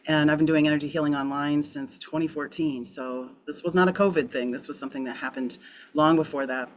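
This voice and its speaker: A woman speaks quickly and chattily over a video call, laughing easily. The audio is dull and lo-fi, with a faint hiss underneath. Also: sits low, fairly even intonation. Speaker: guest, energy healer. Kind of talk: casual panel chat. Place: home in Iowa.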